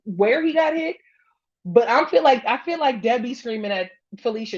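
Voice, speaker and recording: A woman's voice: a little high, animated, fairly quick. A woman hosting a casual sports talk, reacting to game footage with laughter and acting out players' lines. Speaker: host. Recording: dull lo-fi sound.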